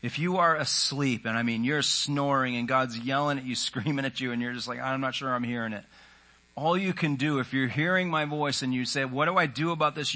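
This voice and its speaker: A man's voice: medium pitch, pushed and bright. A man preaching a sermon in an earnest, conversational way, often voicing the inner thoughts of his listeners. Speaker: pastor.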